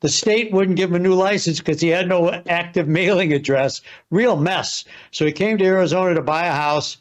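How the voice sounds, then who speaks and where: A man's voice: high-pitched, normal speed. A man telling a chatty anecdote as a testimonial in an advertisement. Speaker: business owner in an ad. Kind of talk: ad testimonial story. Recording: dull lo-fi audio.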